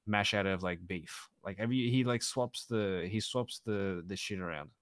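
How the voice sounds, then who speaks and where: A man's voice: fairly low pitch, normal speed, fairly bright tone, clean tone, no echo, studio quality. A man chatting casually in character during roleplay, rambling with many restarts and swearing. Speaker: roleplay player.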